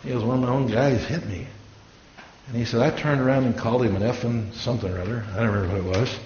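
A man's voice: mid-range voice, steady tone, quick pace, darkish tone. A man, a pastor, preaching a sermon and telling stories, acting out the voices of the people he quotes. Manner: storytelling, acts out quoted voices. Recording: echoey room, dull lo-fi sound, faint hiss.

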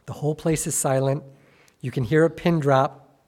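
A male pastor preaching a sermon, dramatic and full of rhetorical questions, swinging between soft and loud. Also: on the high side, flat delivery, normal speed.

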